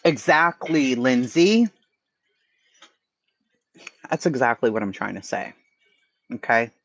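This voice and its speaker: A man's voice: medium pitch, expressive, takes it slowly, gravelly, dry recording, muffled recording. A man with a Boston accent hosting a casual livestream chat, blunt and profane, answering his chat. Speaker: livestream host.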